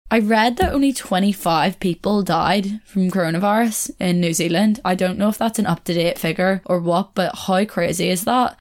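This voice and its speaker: A woman's voice: mid-range voice, normal speed, few pauses. A young woman hosting a casual solo podcast, chatty and rambling, often correcting herself and laughing. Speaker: podcast host.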